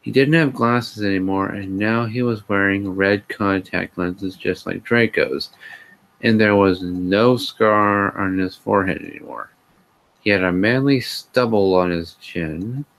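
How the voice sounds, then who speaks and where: Brief: male host, dry sarcastic reader, slow lowish voice, lots of sighing. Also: gravelly, fairly bright tone. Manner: sarcastic, sighing, exasperated asides. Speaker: host reading a fan fiction aloud. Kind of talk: sarcastic live comedic reading.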